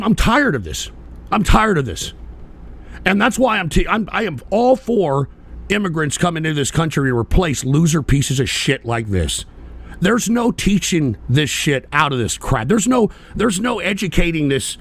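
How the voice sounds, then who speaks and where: Profane, ranting man with a gravelly voice. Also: high voice. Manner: profane, angry ranting, shouting at peaks; mocking voices of people he derides. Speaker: radio show host. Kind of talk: ranting political talk show monologue.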